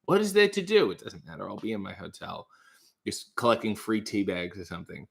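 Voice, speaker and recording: A man's voice: on the low side, animated, fairly quick, gravelly, a bit bright, husky. A man hosting a casual livestream from home, reading viewers' comments and answering them with dry, sarcastic asides. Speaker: livestream host.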